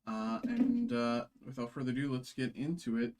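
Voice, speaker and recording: A man's voice: medium pitch, big pitch swings, normal speed, creaky, darkish tone, faint music behind. A man hosting a live card-opening stream, chatting casually with lots of fillers, restarts and self-deprecating jokes. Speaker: card break host.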